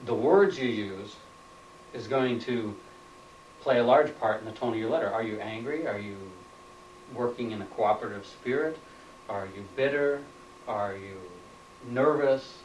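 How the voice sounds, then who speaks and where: A man's voice: mid-range voice, unhurried, pauses often, slight background noise. A man giving a training lecture, plainly stating points and repeating them as questions, recorded indoors on a camera mic from a distance. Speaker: instructor. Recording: roomy, off-mic room sound.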